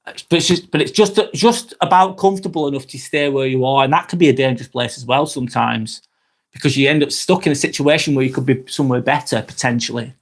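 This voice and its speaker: A man's voice: mid-range voice, quick pace. A young man with a broad Lancashire accent, hosting a casual live vlog, chatting to viewers and swearing freely as he reads their comments. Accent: Lancashire English. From Northwest England. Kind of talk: casual live-stream chat reading out comments.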